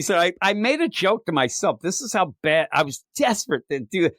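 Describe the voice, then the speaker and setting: A man with a lively voice that swings up and down, recapping a comic book in casual podcast talk. He is sarcastic and profane and keeps acting out the characters' lines. The sound is dry and close. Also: high-pitched, a little fast, hardly any pauses, no room sound. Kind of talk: casual comic review chat.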